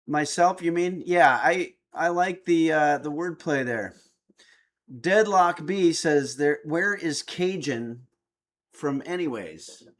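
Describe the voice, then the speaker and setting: A middle-aged man streaming, reading viewer chat aloud with dry, joking replies. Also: fairly high pitch. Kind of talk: casual chat.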